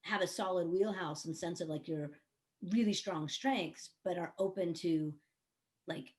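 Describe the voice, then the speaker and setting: A woman's voice: on the low side, a little slow. A woman who works as a songwriter, producer and coach, explaining her ideas earnestly on an online panel with everyday examples. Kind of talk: panel discussion.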